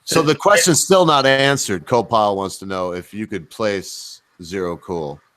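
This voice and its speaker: Low-voiced joking male host. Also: normal speed, a bit bright. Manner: boastful, joking, rambling. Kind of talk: casual livestream chat.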